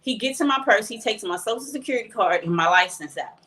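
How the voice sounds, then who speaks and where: A woman's voice: medium pitch, expressive, fast talker, bright, forceful tone. A woman from Texas speaks as a guest on a podcast, telling her own story. Her delivery is candid and plain-spoken, and she slips into the voices of the people in the story as she goes. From Texas, USA.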